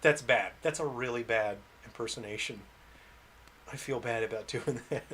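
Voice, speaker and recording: A man chats casually with his livestream audience about being a game developer. He rambles, puts himself down and laughs between thoughts, in a mid-pitched, everyday voice. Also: normal speed, a bit bright, slight background noise. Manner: rambling, self-deprecating, laughs often.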